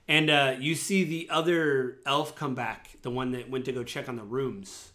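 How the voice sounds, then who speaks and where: A man's voice: medium pitch, fairly even intonation, moderate pace, hardly any pauses, bright, forceful tone. A man narrating a tabletop game as game master, rambling with many fillers.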